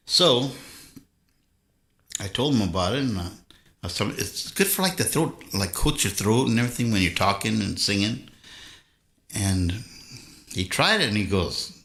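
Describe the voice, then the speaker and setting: A man's voice: on the low side, lively intonation, normal speed, vocal fry, long pauses, a bit bright, echoey room. A man from Southern California hosting a live stream, chatting casually with viewers and telling rambling stories with frequent chuckles. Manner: easygoing storytelling, chuckles often. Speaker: live stream host reading viewer chat.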